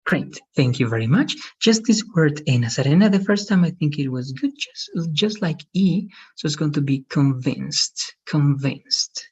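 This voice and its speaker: A man leads an online English lesson, walking his students patiently through each step. His voice is husky, and the video call audio sounds dull and muffled. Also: on the high side, animated, moderate pace, few pauses, a little mellow. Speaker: English teacher. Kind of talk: online class instruction.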